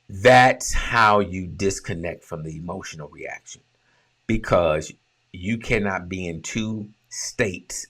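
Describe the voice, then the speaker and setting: A man's voice: low-pitched, a bit bright, breathy edge. A man giving an emphatic, conversational talk on relationships as a coach, asking and answering his own questions. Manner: conversational, with colloquial phrasing.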